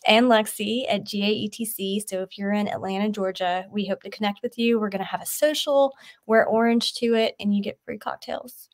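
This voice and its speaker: A woman's voice: medium pitch, fairly even intonation, brisk, hardly any pauses, no room sound. A woman hosting an online educator event over a video call, bubbly and enthusiastic. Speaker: host.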